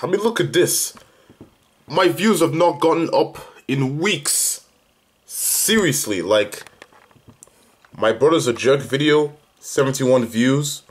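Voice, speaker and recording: A young man vlogging at home, dramatic and whiny, swinging between loud complaints and mutters. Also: mid-range voice, slow. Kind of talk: casual home vlog.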